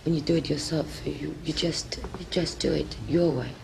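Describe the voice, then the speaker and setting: Woman, actress, gravelly voice, halting, faint tape hiss. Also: low voice, fairly even intonation. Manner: halting, searching for words, many restarts. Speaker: actress and director, interview guest. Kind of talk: casual interview talk.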